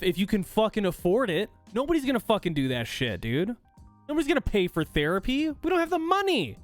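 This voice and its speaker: Heated, swearing male streamer. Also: high voice. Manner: heated, profane, exasperated. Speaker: streamer host. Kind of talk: casual livestream rant, reading chat.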